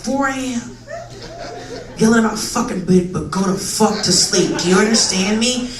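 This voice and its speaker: A woman comedian doing a stand-up set on a club stage, brash and profane, bursting into loud acted outbursts, with audience laughter behind her. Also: medium pitch, moderate pace, crowd noise. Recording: roomy live club sound, mic heard from a distance, background noise.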